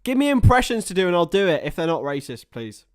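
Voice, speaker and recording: A young man hosting a live match watchalong, chatting casually and rambling between topics, with excited bursts of play-by-play. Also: high-pitched, quick pace. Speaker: livestream host.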